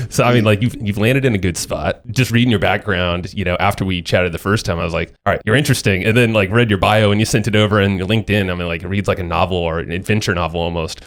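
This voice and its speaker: A man hosting a podcast who chats in a relaxed, casual way and laughs easily with his guest. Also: deep voice, fast, hardly any pauses. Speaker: podcast host. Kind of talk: casual interview chat.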